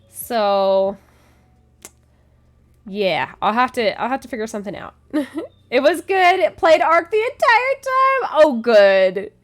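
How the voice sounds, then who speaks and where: A woman streaming a game, chatting casually with her viewers, giggling often and restarting her sentences. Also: fairly high pitch. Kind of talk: casual chat with chat.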